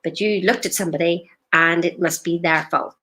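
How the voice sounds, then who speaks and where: A woman's voice: lowish voice, steady tone, normal speed, sharp tone. A woman, a life coach talking directly to a live-stream audience in an emphatic, questioning way.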